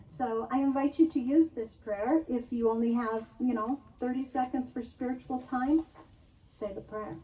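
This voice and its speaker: A woman minister leading a congregation in prayer, gentle and coaxing, often checking in with "okay?". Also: fairly high pitch, steady tone, normal speed. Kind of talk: spiritual talk and guided prayer. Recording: distant mic with faint room ambience.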